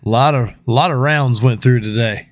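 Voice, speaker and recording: A man hosting a casual podcast who jokes around and swears freely, his voice at a middling pitch. The sound is close and dry with no room echo. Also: unhurried. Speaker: podcast host. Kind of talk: casual chat.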